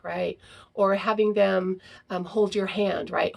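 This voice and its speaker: A woman hosting a parenting show talks through her points in a relaxed, explanatory way, often checking in with a quick "right?". Her voice has a gravelly, fry-tinged edge. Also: medium pitch. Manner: frequent "right?" tags, reads aloud from a book. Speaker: parenting podcast host. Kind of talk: casual teaching talk.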